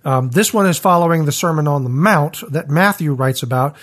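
A man in a conversational Bible discussion, speaking in a thoughtful, measured way. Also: fairly high pitch.

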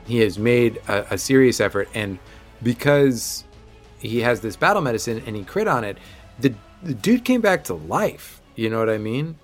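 A man's voice: mid-range voice, animated, moderate pace, soft background music. A man acting as game master who explains the rules and thinks aloud. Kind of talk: narrating a tabletop game.

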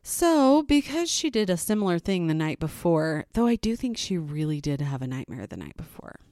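A woman's voice: on the low side, sing-song, normal speed, a little mellow, no room sound, clean studio sound. A woman in her thirties, tired after a sleepless night, casually telling a rambling story about her night with a self-mocking laugh. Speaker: podcast host.

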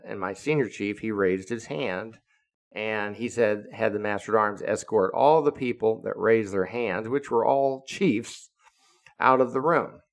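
A man's voice: lowish voice, unhurried. An older man telling a navy story in a casual, profane way and acting out what others said, as a podcast host. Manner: profane, acts out quoted dialogue.

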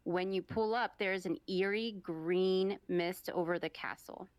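A young woman co-hosts a casual podcast, laughing between lines and then reading her research notes aloud. Her voice sits a little low, and the sound is dry and close. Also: unhurried, clear, resonant tone, no echo. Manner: giggly, playful, reads research notes. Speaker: podcast co-host. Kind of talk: casual chat and storytelling.

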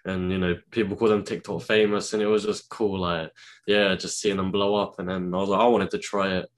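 A man's voice: low voice, little pitch movement, a little fast. A young man as an interview guest, laid-back and hesitant, with many fillers. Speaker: guest, social media creator. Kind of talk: casual interview chat.

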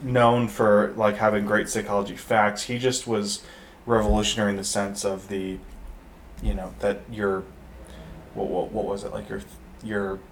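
A man in his thirties from Detroit rambles through a casual podcast chat, full of halting restarts. His voice sits low. He is picked up from a distance, with a faint hiss of noise behind him. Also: level tone. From Detroit, USA. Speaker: podcast guest. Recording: off-mic with faint background noise.

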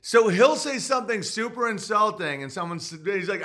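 Male podcast host, high and bright, loose profane riffing. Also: expressive, normal speed. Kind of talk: comedic stream commentary.

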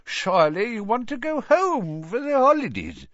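A man's voice: extremely high pitch, wildly swooping pitch, normal speed, a bit bright, dry recording, pitched above the performer's own voice, heavily acted. A man voicing a feeble, kindly old male headmaster wizard in a storybook reading. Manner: quavering, kindly. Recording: dull, dry recording.

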